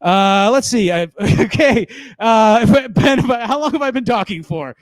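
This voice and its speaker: A man doing an online stand-up set from home on a headset, telling a rambling, self-deprecating story and breaking into loud put-on voices. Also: high-pitched, lively intonation, a little slow, no echo. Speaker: stand-up comedian. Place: home, performing over a video call.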